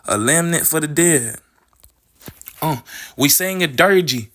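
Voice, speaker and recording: A man's voice: on the high side, normal speed, a bit bright. A man delivering a rambling spiritual monologue, playing with words, restarting phrases and checking in with "you feel me". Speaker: spiritual speaker.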